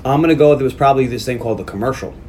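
A man hosts a relaxed movie podcast with friends. His voice sits in a middle register, and he slips into the characters' lines as he recaps the plot. A faint hum of background noise runs under him. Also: mid-range voice, rapid-fire. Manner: retells plot scenes, acting out the characters' lines. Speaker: podcast host. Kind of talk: casual movie podcast chat.

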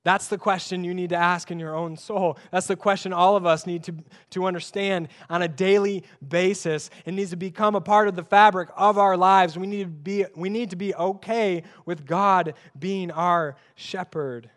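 A young male pastor with a high voice delivers a sermon in a conversational, emphatic way. He leans on rhetorical questions and keeps the tone informal. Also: steady tone, moderate pace, few pauses, fairly bright tone.

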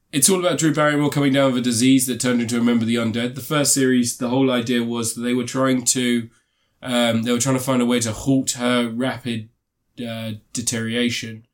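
A man casually reviewing a TV series in a podcast chat, rambling with many ums and restarts. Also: medium pitch.

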